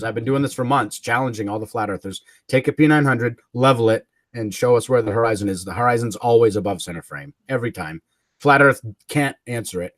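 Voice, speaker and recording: A man's voice: medium pitch, no room sound. A man hosting a livestream, ranting in a combative, mocking way, swearing and chuckling between jabs. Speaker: livestream host.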